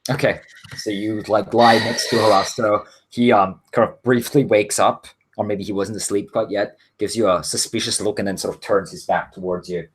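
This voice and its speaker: A man's voice: fairly low pitch, moderate pace, slight background noise. Man as game master, loose narration with lots of fillers. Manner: relaxed narration with frequent um and uh.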